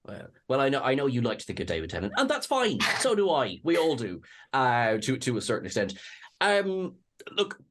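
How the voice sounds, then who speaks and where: A man's voice: medium pitch, big pitch swings, fairly quick, fairly bright tone. Chatty man co-hosting. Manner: jokey, chatty, addresses viewers. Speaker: co-host. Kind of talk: casual discussion.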